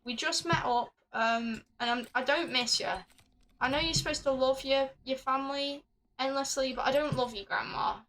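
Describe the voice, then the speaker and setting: A young woman streams a puzzle game, reading the on-screen text aloud at normal speed in a high-pitched voice with fairly even intonation. Exasperated, she swears a lot and breaks into loud, laughing rants in this casual live commentary. The recording is low quality.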